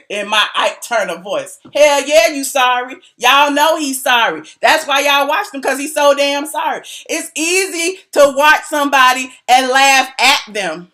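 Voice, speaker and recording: A woman hosting a gossip commentary channel, talking to her viewers in a sassy, animated, teasing way and laughing often. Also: high voice, moderate pace. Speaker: YouTube commentary host.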